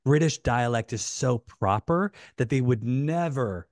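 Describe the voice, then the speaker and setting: A podcast co-host with a faint Philadelphia accent and a mid-range voice, recorded dry and close. He chats quickly and animatedly, riffing on whatever comes up. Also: medium pitch, expressive, darkish tone, no echo. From Philadelphia area. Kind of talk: casual chat.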